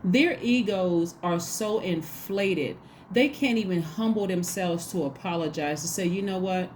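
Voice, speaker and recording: A woman's voice: fairly low pitch, unhurried, darkish tone, slight background noise. A woman giving a casual tarot reading, talking emphatically and acting out little quoted exchanges. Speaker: tarot reader.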